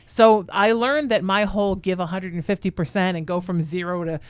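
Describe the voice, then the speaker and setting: A woman's voice: on the low side, fairly even intonation, normal speed, clear, resonant tone, no echo. A woman in casual group chat on a podcast, telling earnest stories from work. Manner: earnest, storytelling. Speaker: podcast co-host.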